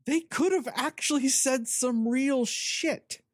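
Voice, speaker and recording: An extremely high-pitched male voice speaks slowly as a podcast co-host, delivering a sarcastic, swear-filled, animated rant about a movie in casual chat. The recording is dry and studio quality.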